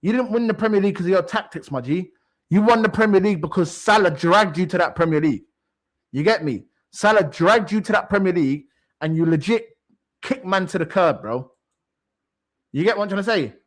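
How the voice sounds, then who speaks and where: A man's voice: high voice, expressive, a little fast. A man, co-hosting a football talk show in a heated, casual rant, emphatic and repetitive, swearing freely.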